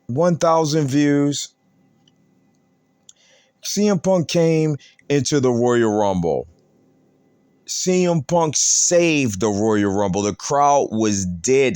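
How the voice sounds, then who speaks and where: A man's voice: medium pitch, a little mellow, clean tone, dry recording. A man hosting a wrestling news show, emphatic and repetitive, firing off rhetorical questions. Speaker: host.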